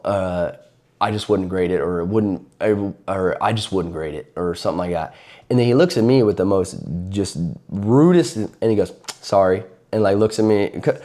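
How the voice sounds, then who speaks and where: A man's voice: fairly low pitch, warm tone. A man telling a casual, rambling story to camera about a card vendor encounter, with many fillers and restarts.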